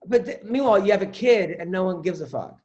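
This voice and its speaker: A man's voice: high voice, lively intonation, fast talker, mellow, highs cut off. A man hosting a podcast, chatting casually, joking and rambling, with some swearing. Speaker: podcast host. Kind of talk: casual comedic chat.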